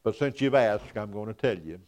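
Man playing an older pastor, gentle, firm, measured. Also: on the low side, expressive, natural voice. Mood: earnest. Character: earnest older male pastor, persecuted.

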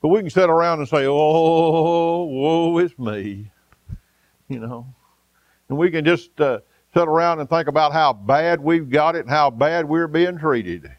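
Folksy preacher, dry close sound. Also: male voice, on the high side, dry recording. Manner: folksy, storytelling, frequent "uh" pauses. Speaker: pastor. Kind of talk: sermon.

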